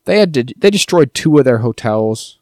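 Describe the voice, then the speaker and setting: A man co-hosting a podcast, chatting casually in an animated, rambling way and repeating words as he goes. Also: medium pitch, normal speed, dry recording, studio quality. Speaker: podcast co-host. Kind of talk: casual chat.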